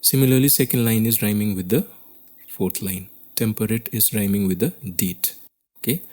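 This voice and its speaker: A man's voice: lowish voice, normal speed, a little mellow. A man with an Indian English accent teaching a class lesson on poetry, explaining step by step and often checking in with "okay?".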